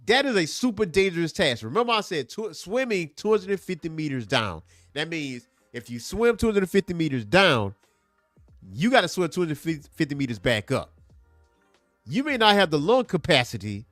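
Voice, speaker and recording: Casting note: young adult man, comic show host, lively and emphatic delivery, dry close sound with faint music underneath. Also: on the high side, no echo. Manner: animated, emphatic, repeats points for effect. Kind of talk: casual comic book review.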